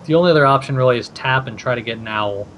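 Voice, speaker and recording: Speaking rapid-fire, this male caster breaks down card-game plays analytically, with frequent thinking-aloud fillers. His voice is at an ordinary pitch, a faint background hum is present, and the high frequencies are cut off.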